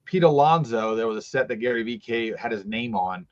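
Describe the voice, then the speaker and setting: A man's voice: mid-range voice, expressive, brisk, lo-fi sound. A man co-hosting a trading card stream, talking in a rambling way with lots of fillers and restarts. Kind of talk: casual chat.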